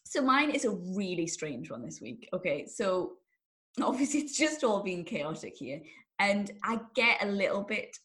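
A woman co-hosts a podcast in casual chat, telling stories with lots of animation and frequent laughter. Her mid-range voice has a fairly bright tone, and she speaks at a normal speed.

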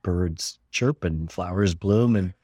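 Older man, earnest, expansive, repeats words, low voice, dry recording. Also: slow, dark tone, breathy edge, no room sound. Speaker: documentary filmmaker. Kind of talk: reflective interview talk.

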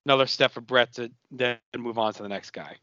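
A man's voice: medium pitch, a little fast, bright, forceful tone, no echo, lo-fi sound. A man co-hosting a podcast in casual chat, enthusiastic and rambling. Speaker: podcast co-host.

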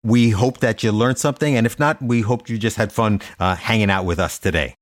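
A man's voice: on the low side, fairly quick, no room sound, clean studio sound. A male doctor co-hosting a podcast, explaining in an easygoing way. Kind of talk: casual chat.

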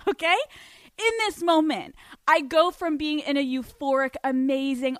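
High-voiced woman podcast host. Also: unhurried, no echo. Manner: animated, profane, laughs often mid-sentence. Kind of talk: casual storytelling monologue.

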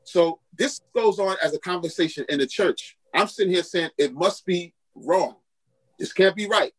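A high-sitting male voice with a breathy edge comes through a rough recording at a moderate pace. He's a pastor from Queens, New York, appearing as a podcast guest and sharing a personal testimony. He animatedly acts out the voices of the people in his story.

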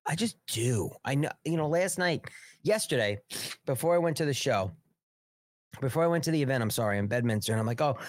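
A man's voice: medium pitch, animated, fairly quick, no echo, clean studio sound. A man hosting a casual live political show, rambling and sarcastic with frequent swearing. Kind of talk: casual live-stream commentary.

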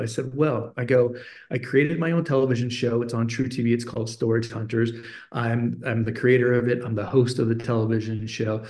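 Animated storytelling man in his forties. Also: mid-range voice, quick pace. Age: 40s. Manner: animated anecdote teller, acts out dialogue. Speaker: guest. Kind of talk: conversational storytelling.

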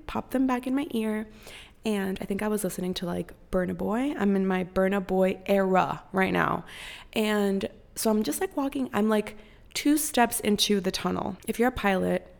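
Profane, animated woman with vocal fry. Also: medium pitch. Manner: profane and animated, acts out others' voices. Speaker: podcast host. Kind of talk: casual storytelling chat.

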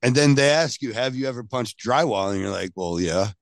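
A man's voice: medium pitch, lively intonation, a little fast, gravelly, no room sound. Joking man hosting a podcast, dry sound. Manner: joking, teasing, laughs often. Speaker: podcast host. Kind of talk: casual chat.

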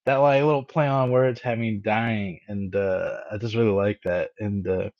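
A man's voice: lowish voice, steady tone, normal speed. A man co-hosting a casual movie review chat, hesitant and laid-back, laughing often. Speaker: podcast co-host. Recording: dull lo-fi sound.

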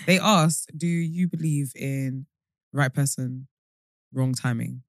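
A woman's voice: a bass voice, takes it slowly, no echo, clean studio sound. Teasing woman co-host. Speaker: podcast co-host. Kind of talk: casual chat.

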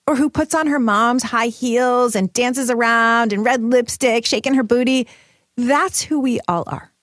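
A woman's voice: fairly high pitch, measured pace, no echo, clean studio sound. A woman hosting her own podcast in an upbeat, bubbly, emphatic motivational style. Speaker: podcast host. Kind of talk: upbeat solo podcast talk.

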